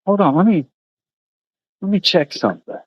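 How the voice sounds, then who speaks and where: A man's voice: expressive, normal speed, dry recording, dull audio. A man, chatting casually on a handheld camera vlog outdoors at an animal park, talking to the animals. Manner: chatty, talks to animals in a high sing-song. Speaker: vlogger.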